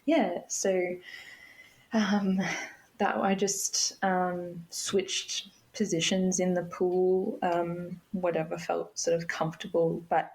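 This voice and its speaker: A young woman telling a personal story as a podcast guest, unhurried and reflective. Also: on the low side, darkish tone, low-quality recording. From Australia.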